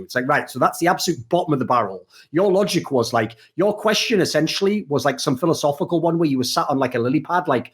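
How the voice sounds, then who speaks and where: A man's voice: expressive, fast talker, hardly any pauses. A man hosting an esports podcast, ranting in a casual, profane way and acting out what other people say. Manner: acts out quoted people with big pitch jumps. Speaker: podcast host.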